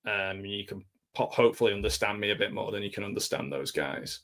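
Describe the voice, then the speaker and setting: Chatty man with a soft Manchester accent. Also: fairly low pitch, brisk, vocal fry. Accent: South Manchester English. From England. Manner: chatty, jokey, rambling with restarts. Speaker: guest. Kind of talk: casual video-call chat.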